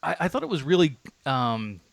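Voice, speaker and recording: A man co-hosting a casual movie-review podcast, talking haltingly with many restarts and frequent laughs. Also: on the high side, big pitch swings, gravelly, no echo. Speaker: podcast co-host.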